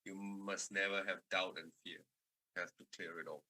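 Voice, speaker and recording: A man's voice: sits low, level tone, moderate pace, sharp tone, low-quality recording. A man on a comedy podcast panel, talking casually with many repeated words and restarts. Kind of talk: casual chat.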